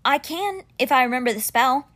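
A woman's voice: high-pitched, expressive, fairly quick, fairly bright tone. Woman doing an earnest, urgent young man.

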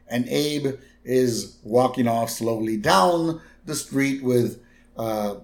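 A man's voice: medium pitch, takes it slowly. A man co-hosting a podcast, playfully recapping an episode in casual chat and laughing often. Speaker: podcast co-host.

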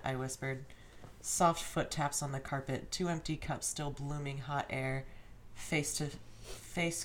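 A woman's voice: a bass voice, slight background noise. A woman reading a fan story aloud, with joking asides between passages. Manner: reads aloud steadily, slipping into laughter and swearing at the text.

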